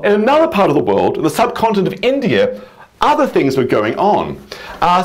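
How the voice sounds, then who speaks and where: Enthusiastic man with a lively voice. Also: mid-range voice. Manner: enthusiastic, animated, exclaiming. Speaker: math teacher. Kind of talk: whiteboard math lesson.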